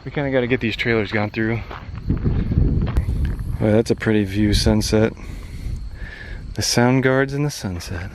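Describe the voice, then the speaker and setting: With a lowish voice, a slightly slow pace and long pauses, this farmer and vlogger from central Nebraska walks around outside near his machinery. He explains his farm work loosely and rambles in a relaxed manner, with background noise audible.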